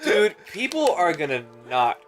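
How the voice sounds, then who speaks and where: A man's voice: high voice, huge pitch swings, measured pace, faint music behind. A man in his twenties chatting casually over a game, sarcastic and teasing his co-host. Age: 20s. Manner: sarcastic, teasing, jumpy intonation. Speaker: let's play co-host. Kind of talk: casual gaming chat.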